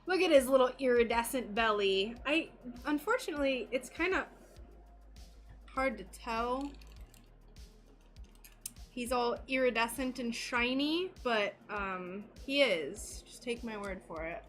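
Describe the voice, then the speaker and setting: A woman's voice: on the high side, lively intonation, unhurried, pauses often, fairly bright tone, faint music behind. An American woman livestreaming her stained glass craft, chatting casually and giggling as she greets viewers.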